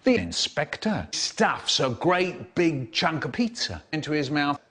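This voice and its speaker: A man tells a story theatrically, acting out quoted characters with sudden high squeals and hushed drops, in a clip cut into a comedy remix. He speaks a little slowly, with a slightly rough voice.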